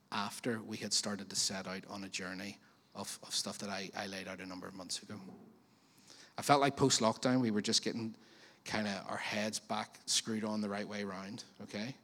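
A man preaching a sermon as pastor, in a chatty, animated way with frequent questions to the congregation. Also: on the low side, normal speed. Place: church auditorium. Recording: long reverb of a church hall.

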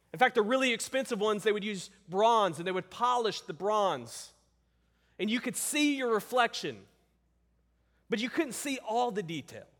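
A man's voice: high voice, a bit bright, big-room sound. A male pastor preaching a sermon, earnest and emphatic, repeating words for stress.

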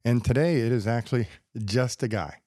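A man hosting a podcast alone as a psychologist, explaining ideas step by step in a steady, lecturing way. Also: medium pitch, normal speed, dry recording, clean studio sound. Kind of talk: casual solo podcast talk. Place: podcast studio.

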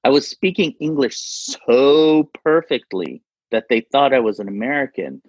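A man from Saudi Arabia, a guest in a casual interview, telling stories in an animated way, laughing often and acting out other people's voices. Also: mid-range voice, normal speed, slightly rough, no room sound, highs cut off.

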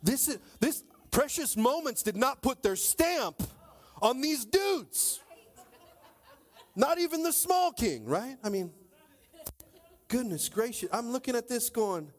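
Animated high-voiced male pastor preaching. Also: slow pace. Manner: animated, swings from loud exclamations to low asides. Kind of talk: sermon. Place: church.

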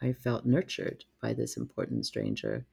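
A man telling a personal story in a reflective, halting way, with many pauses and restarts. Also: medium pitch, huge pitch swings, gravelly, mellow, slightly rough.

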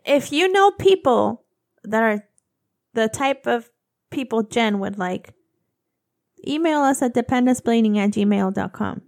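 A woman in her thirties co-hosts a relaxed podcast, talking in a lively, expressive way. Her voice sits a little high with a gravelly edge to it. She tells stories with energy and plays out the quotes she repeats. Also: a little slow, pauses often. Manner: animated storyteller, acts out quotes in a high voice. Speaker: podcast co-host. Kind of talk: casual chat.

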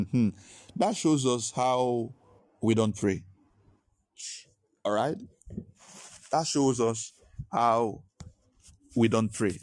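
A male pastor preaching a sermon, emphatic and repeating his points. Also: mid-range voice. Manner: emphatic, repetitive teaching.

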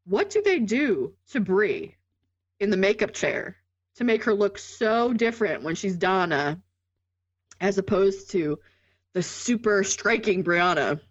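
A woman's voice: medium pitch, unhurried, no echo. Woman on a muffled lo-fi mic. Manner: excitable, swears freely. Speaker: podcast co-host. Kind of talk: casual chat.

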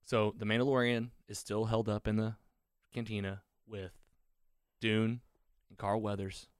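A man with a fairly low voice recaps a show in casual podcast chat. He tells it eagerly, dropping into quick bits of the characters' lines. The sound is dry and close. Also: clean tone, dry recording. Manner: excited retelling with acted-out quotes. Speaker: podcast host.

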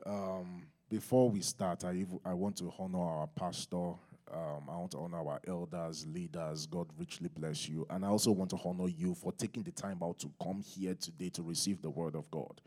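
A man's voice: steady tone, moderate pace, hardly any pauses. A male pastor with a Nigerian accent preaching a sermon and calling on the congregation to respond aloud. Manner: rises higher and louder when teaching.

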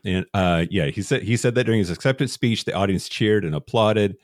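A man's voice: lowish voice, a little fast, no echo, clean studio sound. A man co-hosting a casual podcast, chatty, laughing often and talking with fillers and restarts. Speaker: podcast co-host.

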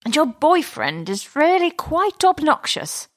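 A woman's voice: high-pitched, big pitch swings, measured pace. A woman playing a prim bride-to-be who is bluntly rude.

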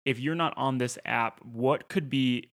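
A man's voice: medium pitch, unhurried, fairly bright tone. Hedging man in his twenties, podcast guest. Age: 20s. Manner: tentative, hedging, chuckles. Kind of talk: casual podcast chat.

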